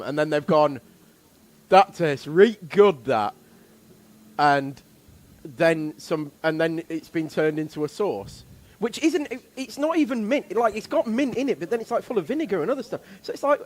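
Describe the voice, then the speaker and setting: Brief: English man, motorsport stream co-commentator, high-ish and very lively delivery, ranting banter. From England. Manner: animated ranting, rapid asides, frequent laughter. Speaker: race commentator. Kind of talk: casual chat on a live race stream.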